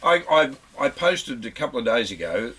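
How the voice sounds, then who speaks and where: A man, a comedian guest on a radio show, telling stories in a laughing, animated way. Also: mid-range voice, normal speed, breathy edge. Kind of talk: casual radio chat. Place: radio studio.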